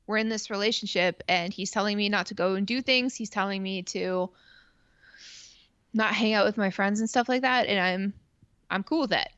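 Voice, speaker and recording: A woman's voice: mid-range voice, a bit bright, dry recording. Chatty Canadian-raised woman, dull dry audio. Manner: rambling, heavy on "like" fillers, swears freely. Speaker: stream co-host. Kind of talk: casual confessional storytelling.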